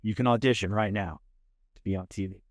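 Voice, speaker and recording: A man in his thirties with a Texan accent, a podcast guest telling his story in a casual, animated way and acting out the people he quotes. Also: fairly low pitch, fast talker, no room sound, studio quality. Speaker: podcast guest, food show host. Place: podcast studio.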